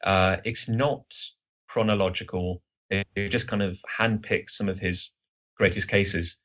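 Halting British man, slightly husky. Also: sits low, fairly even intonation, fairly bright tone. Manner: hesitant, many fillers and restarts. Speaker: guest writer. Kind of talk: casual podcast chat.

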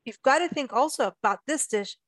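A woman's voice: high-pitched, fairly quick, a bit bright, dry recording. A woman from Africa, hosting a travel radio show in casual chat, chatty and playful with frequent laughs. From South Africa.

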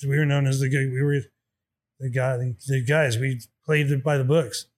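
A man's voice: medium pitch, normal speed. A man telling a story in casual chat, swearing freely and acting out both sides of the dialogue. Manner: profane, animated, acts out dialogue.

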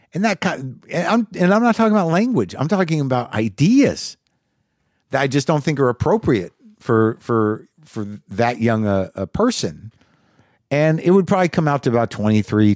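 A man's voice: lowish voice, darkish tone, no echo, clean studio sound. A middle-aged man hosting a podcast, talking in a rambling, wry monologue full of restarts. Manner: rambling, self-interrupting, wry. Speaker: podcast host. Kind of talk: casual monologue.

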